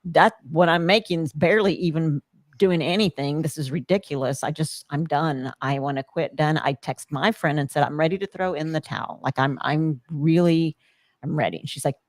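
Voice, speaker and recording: Middle-aged woman podcast host, low voice, earnest personal storytelling, dry close mic. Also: moderate pace, no echo. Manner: earnest, animated, quotes herself and others.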